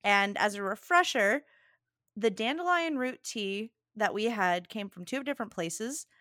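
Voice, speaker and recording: A woman co-hosting a casual podcast chat, talkative and quick to laugh. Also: medium pitch, expressive, sharp tone, no echo, studio quality. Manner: chatty, laughs often. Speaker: podcast co-host.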